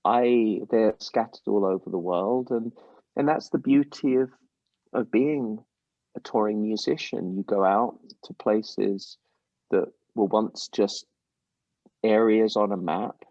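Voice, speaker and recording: Slow-talking English man, lively storyteller. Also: no room sound, highs cut off. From England. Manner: animated storyteller, mimics voices with big pitch jumps. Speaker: musician guest. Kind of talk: casual interview over a call.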